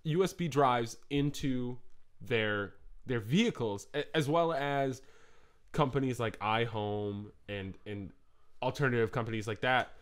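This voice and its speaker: A man co-hosting a casual tech podcast, talking in an animated, exasperated rant. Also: mid-range voice, a little slow. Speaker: podcast co-host.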